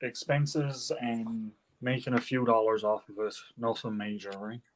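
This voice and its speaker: A man talks easily and at length, his voice sitting at an ordinary middle pitch. He speaks plainly and without hurry, like someone explaining his hobby to friends on a live call. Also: little pitch movement, a little slow, poor audio. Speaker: hobby tattoo artist. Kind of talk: casual chat on a live call.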